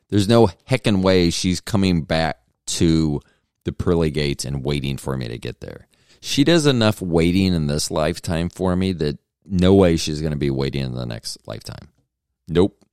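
A man with a very low voice talks alone into a podcast mic, joking and wandering off on tangents. His pitch jumps around a lot as he teases himself, and the sound is dry and close, with no room around it. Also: animated, normal speed, darkish tone, clear, resonant tone, no echo. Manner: joking, self-deprecating, wandering asides. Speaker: podcast host. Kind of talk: rambling solo podcast monologue.

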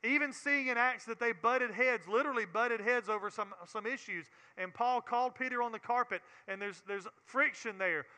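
A man's voice: very high voice, normal speed, hardly any pauses, bright, forceful tone, in a large hall. A man with a Southern US accent teaching a Bible sermon in an earnest way, often repeating words and building to emphatic preaching.

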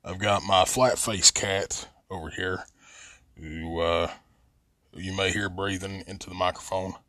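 A low-voiced man with a thick Southern Appalachian drawl talks casually and profanely, stretching his vowels as he goes. He rambles as a podcast host into a close, dry microphone. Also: fairly even intonation, measured pace, bright, forceful tone, no echo. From West Virginia.

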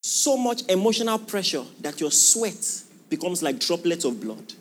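A man's voice: high-pitched, sing-song, moderate pace. A man preaching a sermon to a congregation in a church hall, asking them rhetorical questions. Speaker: pastor.

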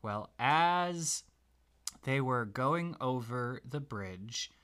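A man gently making up a bedtime story for his child, pausing as he thinks of what comes next. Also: mid-range voice, animated, clear, resonant tone. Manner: gentle, unhurried, makes the tale up as he goes. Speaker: parent telling a story.

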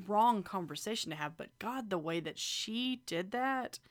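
A woman co-hosting a casual chat, talkative and quick to laugh, with many fillers. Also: medium pitch, expressive.

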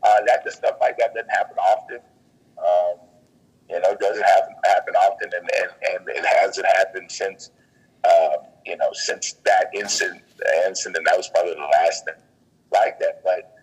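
A man's voice: sits low, steady tone, normal speed, husky, poor audio. A man in casual faith talk, earnest and preachy, often repeating his words as he goes.

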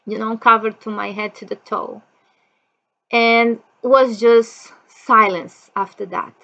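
A woman's voice: medium pitch, bright, forceful tone, muffled recording. A woman telling a frightening childhood story in a casual, rambling way, with many fillers and loose grammar.

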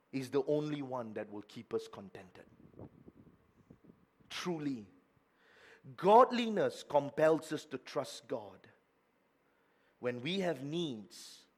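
A man's voice: mid-range voice, darkish tone. A male pastor preaching a midweek sermon, asking the congregation questions and stressing his points.

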